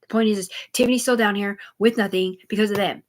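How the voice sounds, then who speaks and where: A woman's voice: medium pitch, fairly even intonation. A woman livestreaming a rambling, profane monologue, jumping between thoughts in an agitated way. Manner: rambling, profane, rapid digressions; agitated, repeatedly says "dude". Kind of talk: rambling live-stream monologue.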